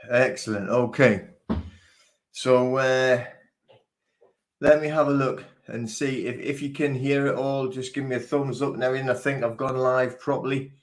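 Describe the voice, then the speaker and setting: A man hosting a casual livestream, talking in a halting, rambling way with many fillers, emotional and grieving. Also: mid-range voice. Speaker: livestream host. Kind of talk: casual live-stream chat.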